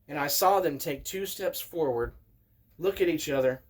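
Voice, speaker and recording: A man in his thirties, a vlogger telling a story in an excitable, animated way as a casual rant. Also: a little high, moderate pace. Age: 30s.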